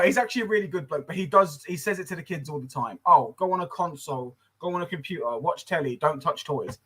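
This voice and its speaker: A man in his thirties talks in a loose, rambling way on a casual podcast, swearing freely. His voice is slightly high and husky. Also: fairly bright tone, rough recording. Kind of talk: casual chat.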